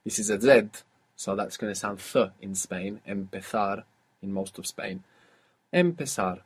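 A man's voice: on the low side, expressive, moderate pace, breathy edge. A man teaching a guided audio language lesson, patiently asking questions and explaining step by step.

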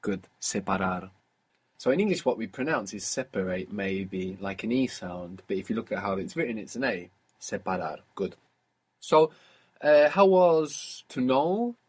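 A man's voice: fairly low pitch, animated, unhurried, breathy edge. A man teaching a language lesson, patiently asking questions and repeating the answers. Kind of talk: guided audio language lesson.

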